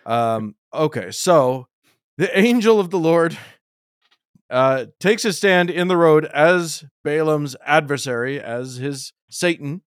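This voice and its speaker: A man hosting a casual podcast, retelling a story in an animated, joking way. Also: a little high, slow, dry recording, clean studio sound. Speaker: podcast host. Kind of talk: casual bible discussion.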